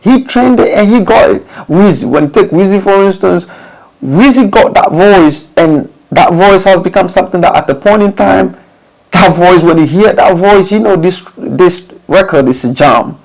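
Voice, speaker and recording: Man, studio host, casual advice talk, fairly high pitch, emphatic, repeats himself. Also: normal speed, vocal fry, low-quality recording. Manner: repetitive, restarts phrases, emphatic rhetorical questions. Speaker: studio host giving advice to recording artists.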